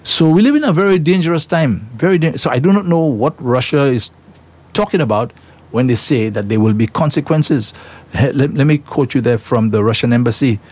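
A man's voice: mid-range voice, animated, fairly quick, darkish tone. A man hosting a current-affairs talk show, opinionated and emphatic, prodding with rhetorical questions.

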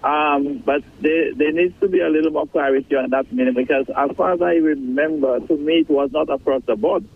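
A man's voice: a little high, a little fast, vocal fry, slightly rough, dry recording. A Saint Lucian man on a call-in radio show, complaining with emphatic, repeated phrases. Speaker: caller. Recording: phone line.

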